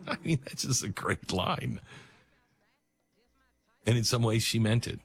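Male talk host, low husky voice, earnest and emphatic, swings his pitch a lot. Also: sing-song. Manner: earnest and emphatic, halting restarts. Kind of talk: talk radio monologue.

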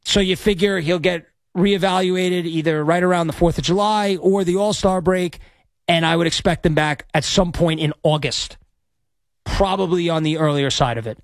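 A man's voice: sits high, moderate pace, no echo. Guy hosting sports talk radio, rambly and hyped, dry close mic. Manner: energetic, rambling, self-promoting. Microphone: studio microphone.

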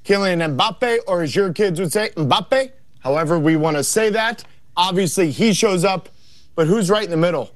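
A man analyzing soccer on a TV sports show, with energetic, playful delivery. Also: high voice, fairly quick, no room sound.

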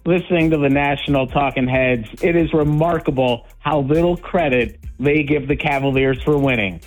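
A man's voice: fairly high pitch, moderate pace, soft background music, low-quality recording. Sarcastic male caller ranting. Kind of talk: voicemail rant.

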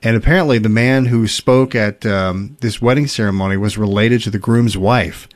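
A man's voice: on the low side, moderate pace. Man casually reading stories aloud. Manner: relaxed storytelling with fillers and chuckles.

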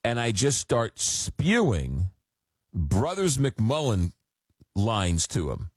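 New radio host in his 50s, rambles and jumps around a lot in pitch, low voice, dead dry studio mic. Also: takes it slowly, slightly rough, dry recording. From Long Island, New York. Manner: rambling, animated storyteller with many fillers. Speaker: radio talk show host. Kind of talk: casual call-in radio chat. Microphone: studio microphone.

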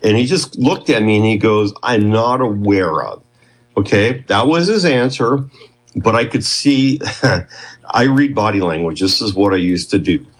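Man, 50s, interview guest, low voice, husky, rambling storyteller. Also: lively intonation, normal speed, poor audio.

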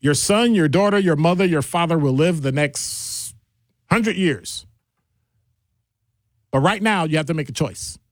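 A middle-aged man hosting a call-in radio show, talking in a jokey, animated way and shifting his voice for quoted people. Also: fairly high pitch, a little slow, long pauses, dry recording, clean studio sound.

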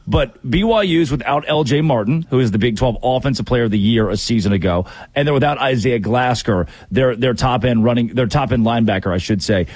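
A man hosting a sports talk show, quick and wisecracking in a casual, playful way. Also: mid-range voice, darkish tone, slightly rough, no echo.

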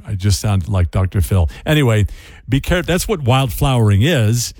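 A man's voice: on the low side, lively intonation, normal speed, a little mellow, dry recording. Chatty male radio host, dry studio sound. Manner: chatty, with joking asides. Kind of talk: radio talk segment.

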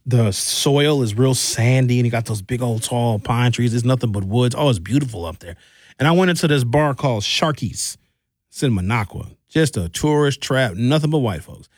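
Animated joking radio host, Wisconsin accent. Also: male voice, medium pitch, no echo, clean studio sound. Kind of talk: talk radio monologue. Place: radio studio. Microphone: studio microphone.

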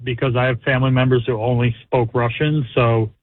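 A man's voice: mid-range voice, flat delivery, fairly quick, no echo. Man, phone-in caller, American, rambling, many fillers, thin phone-line sound. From United States. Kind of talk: casual phone-in chat.

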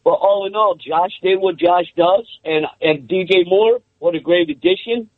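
Excited male caller, high voice, quick laughing bursts, tinny phone line. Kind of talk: call-in talk.

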